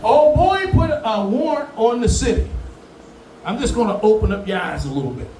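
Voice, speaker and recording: High-voiced profane man hosting a crowd. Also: normal speed. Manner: profane, animated, joking. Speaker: event host. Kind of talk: casual speech to a live crowd. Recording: very echoey room, far from mic, audible background noise.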